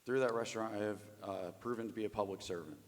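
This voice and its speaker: Hoarse male candidate, 30s, low voice, hall reverb. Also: fast talker. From Ohio. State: losing his voice. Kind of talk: prepared opening statement.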